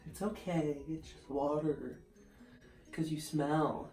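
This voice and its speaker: A man's voice: on the high side, steady tone, takes it slowly, dark tone, echoey room, soft background music. A young man chatting casually in a vlog, giggly and prone to yelps, recorded in a home bathroom. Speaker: vlogger.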